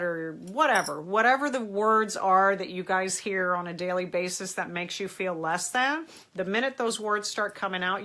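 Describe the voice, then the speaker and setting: An American woman hosting a live-stream advice talk, speaking in an animated, emphatic way and addressing her viewers directly. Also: medium pitch, moderate pace. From United States. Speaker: host.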